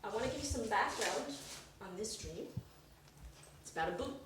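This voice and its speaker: Brief: expressive middle-aged woman telling a funny story live, distant mic, big reverberant room. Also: on the high side, moderate pace, background noise. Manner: animated, acts out voices. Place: performance room. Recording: echoey room from far off.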